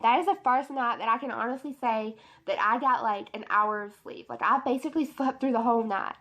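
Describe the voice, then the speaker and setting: A woman's voice: fairly high pitch, fairly quick, a bit bright. A young woman telling a personal testimony story in a rambling, emotional way, full of fillers, in her bedroom. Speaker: beauty vlogger.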